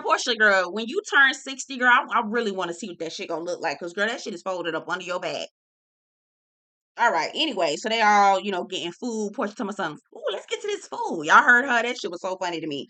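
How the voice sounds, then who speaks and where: Sassy, blunt woman reviewer with a bright, sharp voice and casual vlog delivery. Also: mid-range voice. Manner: sassy, blunt, profane, calls everyone "girl". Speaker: reality TV reviewer.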